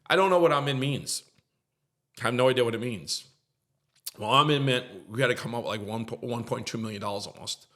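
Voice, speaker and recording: A man's voice: medium pitch, fairly quick, bright, forceful tone. A middle-aged man, a podcast guest, tells an emotional story in an earnest, repetitive way and gets choked up at times.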